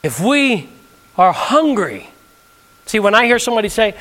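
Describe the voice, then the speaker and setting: A man's voice: sits high, big pitch swings, normal speed, long pauses, pushed and bright. A male pastor preaching a sermon, leading the congregation in call-and-response with emphatic delivery. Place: church sanctuary.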